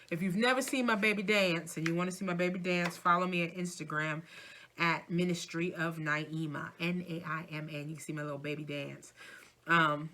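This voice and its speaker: A woman's voice: sits low, slight background noise. A woman in her forties from New York City, with a mixed New York, Midwest, Southern and Louisiana accent, chatting casually and animatedly while flipping through her planner. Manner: chatty and animated, laughing easily. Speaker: vlogger and minister.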